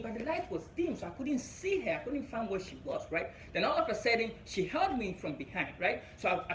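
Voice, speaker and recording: Animated Ghanaian man telling a stand-up story. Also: sits high, echoey room, a little hiss or hum, rough recording. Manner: animated, laughs at his own story, voice jumps up at punchlines. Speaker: stand-up comedian.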